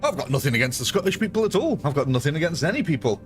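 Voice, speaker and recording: A man's voice: a little high, sing-song, rapid-fire, soft background music. A young man with a northern English accent, chatting on a live stream, answering viewers by name and laughing often. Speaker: game streamer. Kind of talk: live-stream chat and commentary.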